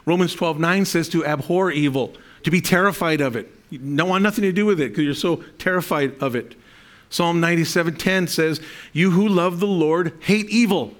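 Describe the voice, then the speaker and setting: A man preaches to a congregation at a moderate pace, his voice fairly high. He's a pastor who reads scripture aloud and then explains it, repeatedly restarting his sentences and prompting listeners for amens.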